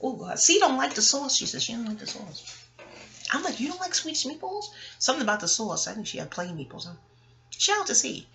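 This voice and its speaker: A woman's voice: on the high side, very animated, fairly quick, gravelly, sharp tone. A woman vlogger talking in a blunt, rambling casual monologue, swearing often and drifting into chatty asides.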